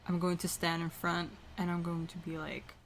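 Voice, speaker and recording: Low-voiced woman playing a tabletop game. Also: completely flat delivery, normal speed, slight background noise. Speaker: player. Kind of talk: tabletop role-play.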